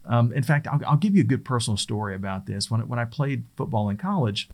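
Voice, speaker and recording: A man's voice: mid-range voice, animated, fast, darkish tone. A middle-aged man giving a casual instructional talk as a presentation skills trainer, rambling and conversational with frequent restarts.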